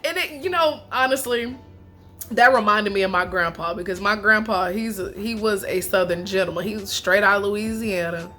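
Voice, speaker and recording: Young female show reviewer: lively, casual, bright-toned, with soft music behind. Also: medium pitch, moderate pace. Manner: chatty and animated, laughs often, slangy asides. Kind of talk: casual chat.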